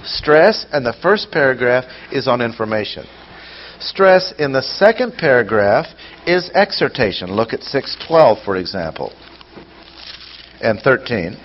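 A male Bible teacher works through a passage methodically, reading verses aloud and explaining them with rhetorical questions. His voice sits at a middle pitch. The recording is dull and lo-fi, with a faint hiss behind it. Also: big pitch swings, a little slow. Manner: poses rhetorical questions to listeners. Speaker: preacher teaching scripture. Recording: dull lo-fi sound with faint noise.

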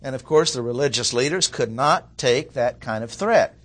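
A man preaching an expository sermon, emphatic, clearing his throat now and then and acting out quoted lines. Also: mid-range voice, lively intonation, normal speed, fairly bright tone. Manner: clears throat often, restarts phrases.

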